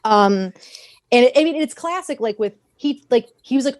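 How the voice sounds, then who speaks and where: A woman's voice: a little high, animated, moderate pace, no echo. A woman talking on a podcast panel in a passionate, rambling way, restarting her sentences often. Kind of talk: casual podcast discussion.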